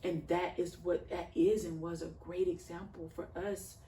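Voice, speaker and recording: A woman's voice: fairly low pitch, level tone, moderate pace, dark tone, distant mic. A woman in her thirties, a mother and podcast guest, speaking earnestly and heartfeltly in a casual interview, with a preaching lilt. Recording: roomy echo, off-mic, faint background noise.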